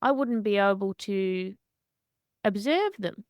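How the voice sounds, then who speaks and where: A woman hosting a podcast, telling candid stories in an animated way. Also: mid-range voice, slow pace, no echo, muffled recording. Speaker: podcast host and boxer. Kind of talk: conversational interview.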